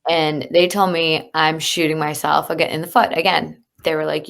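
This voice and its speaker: Woman coach on a podcast, low gravelly voice, earnest, lots of likes and ums. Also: level tone, normal speed, fairly bright tone. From United States. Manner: candid, earnest, many fillers. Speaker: guest, leadership coach. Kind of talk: conversational interview.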